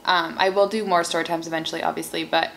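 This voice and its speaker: A woman's voice: sits low, little pitch movement, quick pace, vocal fry, a bit bright, low-quality recording. Young woman, chatty mukbang vlogger, bubbly filler-heavy talk, faint hiss behind. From Seattle. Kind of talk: casual chat while eating.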